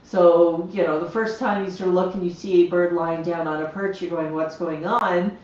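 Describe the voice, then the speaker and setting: Her voice sits fairly low and a little mellow, with fairly even intonation at a normal speed, as this woman hosts a casual livestream about her pet parrots. She talks to the birds and explains their habits from a home room, in echoey, slightly dull lo-fi sound.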